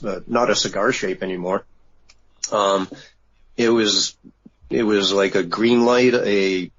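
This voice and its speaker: A man telling of a sighting in a halting way with many restarts, as a guest on a remote interview. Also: lowish voice, slightly rough. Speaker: guest witness. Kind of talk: casual radio interview. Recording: dull lo-fi remote line.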